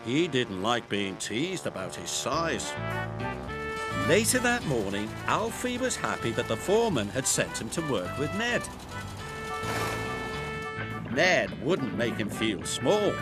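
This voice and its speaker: Slow, expressive storybook narrator. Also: male voice, mid-range voice. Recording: narration with music underneath.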